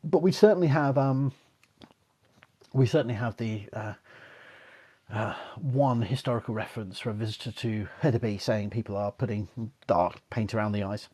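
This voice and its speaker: A man's voice: lowish voice, normal speed, a little mellow, slightly rough. A middle-aged man, an archaeologist, hosting a casual live Q&A, rambling and swearing with lots of asides. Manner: rambling, sweary, chatty, many asides and "you know"s. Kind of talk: casual live-stream Q&A chat.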